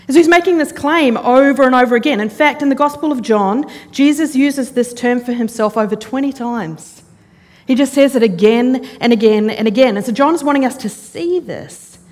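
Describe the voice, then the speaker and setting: A woman pastor preaching a sermon, telling stories in a lively way and acting out the voices of the people in them. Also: fairly high pitch. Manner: animated storytelling, acting out quoted voices. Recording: long hall reverb.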